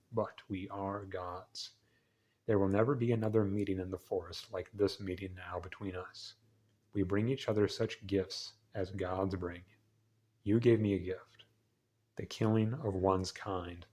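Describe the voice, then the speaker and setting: A man reading aloud as a calm, solemn male alien forest leader, slow and measured. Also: low-pitched.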